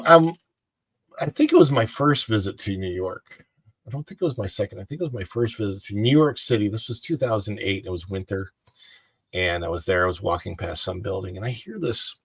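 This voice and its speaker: A man with a fairly low voice rambles through personal anecdotes as he co-hosts a casual live chat. The sound is dry and close, with no room echo. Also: expressive, fairly quick, creaky, husky. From United States. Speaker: co-host.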